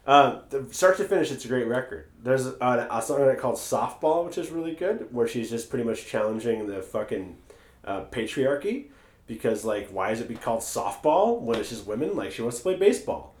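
A man co-hosting a podcast, chatting casually in a rambling, animated way and swearing freely. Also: mid-range voice, brisk. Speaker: podcast co-host. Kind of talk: casual chat. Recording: echoey room.

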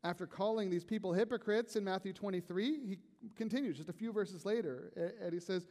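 A man preaching a sermon as a pastor, in a conversational, animated way with frequent "right?" asides. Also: sits high, brisk, hardly any pauses, in a large hall.

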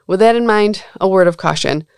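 A woman's voice: medium pitch, a little fast, a little mellow, smooth, no echo, clean studio sound. A woman hosting a podcast in casual chat, chatty and blunt, with a sarcastic edge and frequent laughter. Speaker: podcast host.

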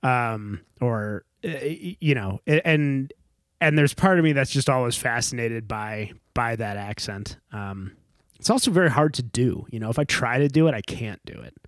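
A man's voice: medium pitch, animated, moderate pace, dry recording, studio quality. A man from the Chicago area chatting casually as a podcast co-host, rambling with many restarts and trailing off at the ends of phrases. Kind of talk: casual chat.

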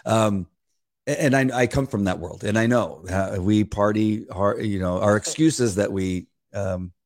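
This man, a former police officer, co-hosts a devotional podcast and tells a long, rambling story full of restarts. His voice sits fairly low and has a darkish tone, and he speaks a little slowly in this casual devotional chat.

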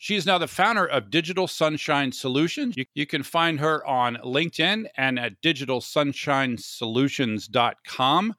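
A man's voice: a little high, expressive, moderate pace, few pauses, pushed and bright, no room sound, clean studio sound. A man from Florida hosting a podcast in a chatty, joking way, often restarting his sentences. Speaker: podcast host. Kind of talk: casual podcast chat.

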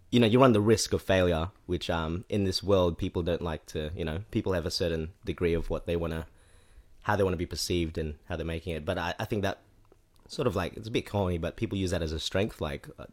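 A man talks casually on a podcast. He rambles, restarts his sentences and fills the gaps with "um" and "like". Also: sits low. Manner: rambling, self-correcting, with lots of fillers. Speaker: podcast guest, rapper. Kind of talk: casual chat.

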